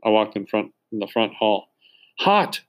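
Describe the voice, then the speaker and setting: A man narrating a children's book in the first person, with steady, dry storytelling. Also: on the low side, a little fast. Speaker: audiobook narrator.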